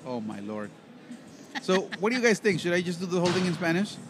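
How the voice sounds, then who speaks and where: A man's voice: sits high, big pitch swings, fast talker, music in the background. A man co-hosting a casual podcast chat, a professional interpreter who tells rambling stories and jokes around. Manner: rambling, joking storyteller. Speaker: podcast co-host.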